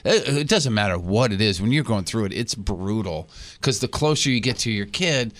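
A man's voice: fairly low pitch, lively intonation, moderate pace, a bit bright. A man chatting earnestly in short fragments with co-hosts. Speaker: co-host. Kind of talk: casual chat.

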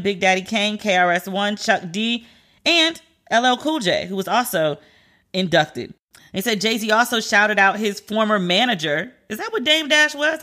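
A woman's voice: fairly low pitch, bright, forceful tone. A woman giving casual celebrity news commentary, chatty and candid with emphatic asides. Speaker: pop culture commentator.

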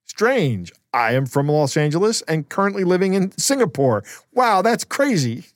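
A man playing a wry man who toys with a scammer, in a deadpan, teasing manner. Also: high-pitched, moderate pace, dry recording, clean studio sound, voice pushed up.

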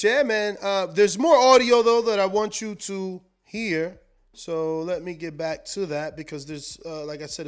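A man's voice: on the high side, smooth. A man hosting a live boxing stream, talking casually, rambling and repeating words as he reads out viewer comments. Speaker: boxing show host.

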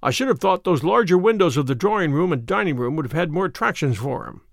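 Guy reading a crisp bossy detective, lively up and down, dry close sound. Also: a little high, fast talker, no room sound. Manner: crisp, authoritative. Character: sharp, commanding detective.

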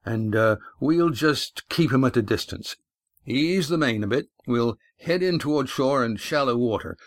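A man voicing a male boat skipper who gives brisk orders to his crew. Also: medium pitch, lively intonation, dry recording, studio quality, close to an everyday voice. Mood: commanding.

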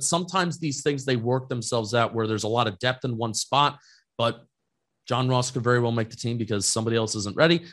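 A man with an ordinary mid-range voice co-hosts a sports podcast. He talks in a casual, steady way and agrees readily while laying out his analysis. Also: mid-range voice.

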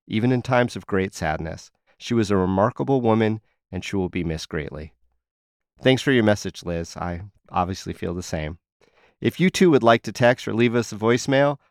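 A man's voice: medium pitch, vocal fry, no room sound, clean studio sound. A man hosting a local news podcast, interviewing a guest and reading news and listener messages in a playful, upbeat way. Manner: playful, upbeat host patter. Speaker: podcast host.

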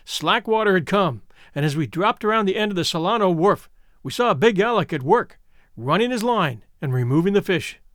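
A male narrator tells a first-person adventure tale in a high, animated voice. The recording is dry and close, with no room sound at all. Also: normal speed, no room sound. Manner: expressive reading with lively pitch. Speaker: audiobook narrator.

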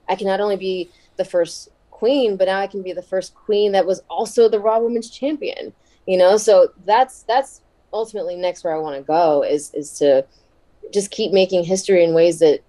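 A woman guest in a casual interview, chatty and quick to laugh, with many fillers. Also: fairly low pitch, dark tone, rough recording. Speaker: wrestler and podcast guest.

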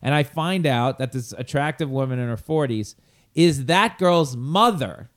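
Long island guy hosting a podcast, jokey animated storyteller, mid-pitch voice. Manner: animated, jokey, quick asides. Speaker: podcast host. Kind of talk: casual comedic storytelling.

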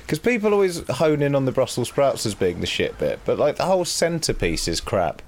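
A man's voice: medium pitch, sing-song, a little fast. A man co-hosting a casual podcast, reading listener letters aloud in a dry, self-deprecating way. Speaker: podcast co-host.

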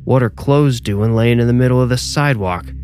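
A man voicing a blind adult man who is steady and protective, talking in a plain, gruff, reassuring way. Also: mid-range voice, a little fast, faint music behind, natural voice.

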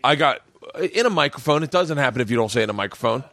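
A man hosting a podcast, telling a rambling, profane, animated story with many restarts in casual chat. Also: medium pitch, racing. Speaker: podcast host.

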